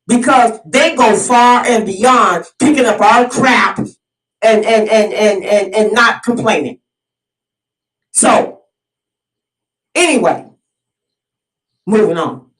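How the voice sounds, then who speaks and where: A woman's voice: on the high side, takes it slowly, pauses often. A woman delivering an impassioned solo monologue as host of her own video series, preachy and fired up, often repeating and restarting her phrases. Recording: roomy sound, mic at a distance.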